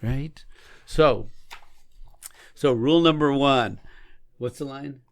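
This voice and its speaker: A man co-hosting a podcast, talking casually and coaching through examples in an animated way. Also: mid-range voice, slow pace, vocal fry, no echo, clean studio sound. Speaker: podcast co-host. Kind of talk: casual conversation on marriage.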